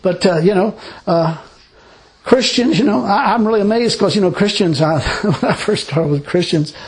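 A high-pitched man preaches in a casual, rambling way. He tells his own stories and keeps them animated, and he often laughs between lines. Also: normal speed, rough recording. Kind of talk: informal sermon with personal stories.

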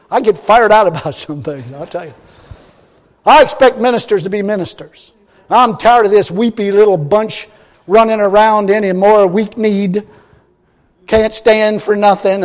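A man with a notably high voice preaches a blunt, folksy sermon, swinging from quiet asides to loud outbursts. His voice carries a long reverb, as if in a large church sanctuary. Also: measured pace, pauses often. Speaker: pastor.

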